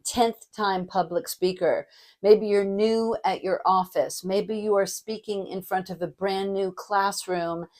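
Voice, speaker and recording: A middle-aged woman teaches public speaking straight to camera in a mid-range voice. Her delivery is demonstrative, moving between bright, energetic bursts and a softer, lower register. She sounds like a practiced coach walking a learner through the steps. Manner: demonstrative, shifts between energetic hype and soft warm tones.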